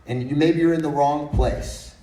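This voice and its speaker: A man's voice: a little high, steady tone, moderate pace, warm tone. A man in his thirties giving a faith-based speech at a breakfast meeting, telling humorous stories and often restarting his sentences. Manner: anecdotal and humorous, with frequent restarts. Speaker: guest speaker. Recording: roomy sound from far off.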